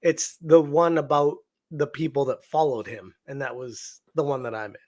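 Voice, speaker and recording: A man from Boston, a guest on a casual podcast, talking in an excited, rambling way. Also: on the high side, normal speed. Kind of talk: casual chat.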